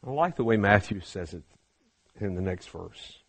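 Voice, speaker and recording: A man preaching a sermon, swinging from hushed, slow passages to loud, fervent ones. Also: on the low side, expressive, husky, no echo.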